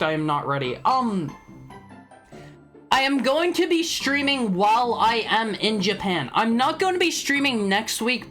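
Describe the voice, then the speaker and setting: A man's voice: sits high, a bit bright. A young man streaming from home, chatting casually with his chat, stammering and laughing often as he reads messages. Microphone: studio microphone.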